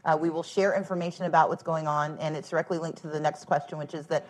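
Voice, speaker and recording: A woman's voice: low-pitched, steady tone, quick pace. A woman in her forties, a guest speaker on stage before a live audience, talking plainly with homely analogies and a wry edge. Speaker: guest speaker, former candidate. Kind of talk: public conversation on stage. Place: event room with live audience.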